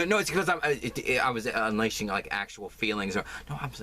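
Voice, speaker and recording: A man's voice: mid-range voice, lively intonation, quick pace, hardly any pauses, pushed and bright. A man vlogging casually about crochet, rambling, self-mocking and overdramatic. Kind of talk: casual chat vlog.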